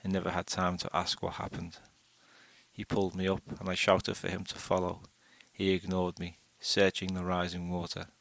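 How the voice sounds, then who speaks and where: A man reading a first-person short story aloud in a steady, unhurried way. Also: low voice, creaky. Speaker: audiobook narrator.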